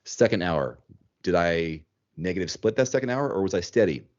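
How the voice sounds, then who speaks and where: Deep-voiced man, animated podcast host. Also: normal speed, highs cut off. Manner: animated, thinks aloud, repeats words. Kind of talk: casual chat.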